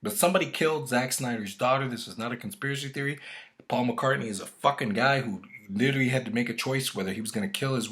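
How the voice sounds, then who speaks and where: A man's voice: mid-range voice, a bit bright. Agitated man on a profane rant. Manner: agitated, profane, jumps between thoughts. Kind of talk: rambling conspiracy rant.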